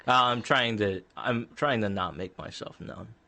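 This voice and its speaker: A man's voice: fairly low pitch, a little slow, sharp tone. A man playing a tabletop role-play game, casual and playful, swearing freely. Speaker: player.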